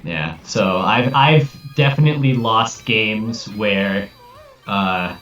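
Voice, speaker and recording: Low male co-caster, halting delivery, roomy far-off mic. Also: fairly bright tone, highs cut off, faint music behind. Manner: hesitant, stammering restarts. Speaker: co-commentator. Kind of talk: casual esports commentary.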